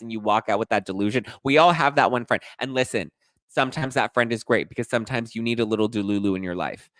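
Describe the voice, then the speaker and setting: A man's voice: fairly low pitch, fast, a bit bright, dry recording. Sassy gossiping man, dry close mic. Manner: sassy, dishy gossip with mock outrage. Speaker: host. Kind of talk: casual chat with live chat.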